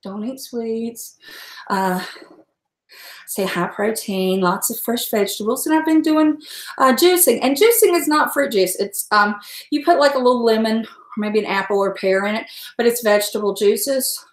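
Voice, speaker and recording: A woman's voice: a little high, moderate pace. A woman chatting casually while she cooks on a livestream. She rambles from one thing to the next and talks frankly, with a salty word here and there. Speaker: home cook livestreaming. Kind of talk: casual chat while cooking. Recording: echoey room.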